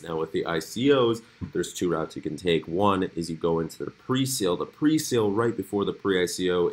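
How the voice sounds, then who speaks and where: A man hosting a cryptocurrency channel, talking casually through price charts with animated, swinging emphasis. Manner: animated, lively pitch swings. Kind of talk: casual commentary over charts.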